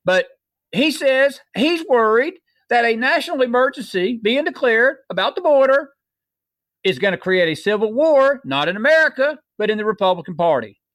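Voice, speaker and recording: A man's voice: extremely high pitch, very animated, normal speed, fairly bright tone, no room sound. A man co-hosting a heated political talk show, fiery and preachy as he rallies listeners. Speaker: co-host.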